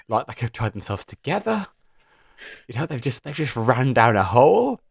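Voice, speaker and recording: A man playing a tabletop game, musing and quizzical as he thinks out loud. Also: mid-range voice, big pitch swings, moderate pace, creaky, slightly rough, no echo, studio quality. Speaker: player. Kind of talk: casual tabletop game banter.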